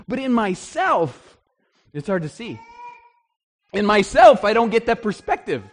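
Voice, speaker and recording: A man preaching a sermon in a conversational, animated storytelling way, with frequent restarts. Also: extremely high pitch, normal speed. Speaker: pastor.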